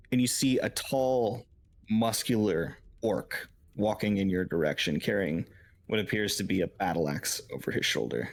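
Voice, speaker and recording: A man's voice: fairly low pitch, normal speed. A man narrating as game master in a tabletop game, loose and full of fillers.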